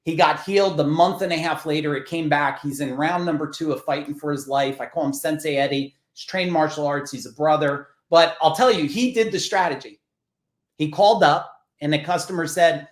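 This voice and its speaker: Animated, profane New man. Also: on the high side, brisk, roomy sound. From New Jersey. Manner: animated, profane, acts out quoted voices. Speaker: podcast guest, business coach. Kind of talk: casual interview storytelling.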